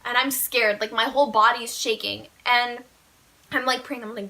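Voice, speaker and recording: A teenage girl telling a storytime vlog in a chatty way, full of "like" and animated retelling. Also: on the high side, moderate pace. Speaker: vlogger.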